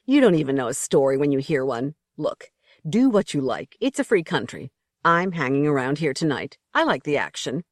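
A sly, crude coyote trickster spirit from an audiobook tale, drawling and mocking in a low, swooping voice, as a woman puts her on. She sounds brash and unbothered. The read is close and dry. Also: big pitch swings, normal speed, no room sound.

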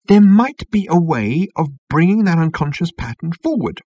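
A man's voice: on the high side, big pitch swings, moderate pace, dark tone, husky, no room sound, lo-fi sound, voice pushed up. A man reading an audiobook, voicing a bemused ordinary man who reasons things out earnestly. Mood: earnest reasoning.

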